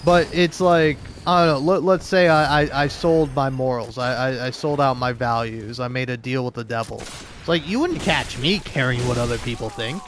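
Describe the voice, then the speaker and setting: A man's voice: mid-range voice, moderate pace, a bit bright, a little hiss or hum. A young man rambling sarcastically while playing a game, with frequent swearing. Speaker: gaming channel host. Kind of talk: casual gameplay commentary.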